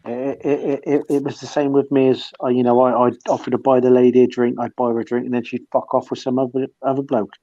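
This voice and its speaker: A man's voice: mid-range voice, level tone, fast talker, hardly any pauses, warm tone, dry recording, dull audio. A man in a casual group chat, teasing the host with blunt banter.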